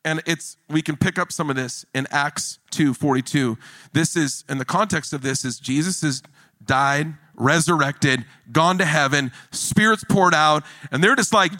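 A man preaching a sermon in a church, animated and jokey, building emphasis as he goes. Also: on the high side, no echo. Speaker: pastor.

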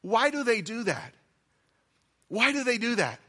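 A man delivering a sermon in a high, bright voice. He preaches with eager enthusiasm and often repeats phrases for emphasis. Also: big pitch swings, measured pace. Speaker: pastor. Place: church auditorium with several campuses.

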